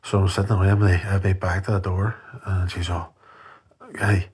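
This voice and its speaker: A man's voice: sits low, little pitch movement, normal speed, darkish tone, husky. A man telling a rambling story in a voice note, swearing constantly. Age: 40s. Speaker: voice note sender.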